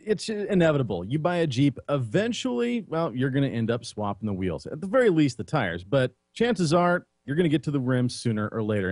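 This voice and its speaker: Lively male tech segment co-host. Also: medium pitch, no echo, clean studio sound. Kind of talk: semi-scripted tech talk.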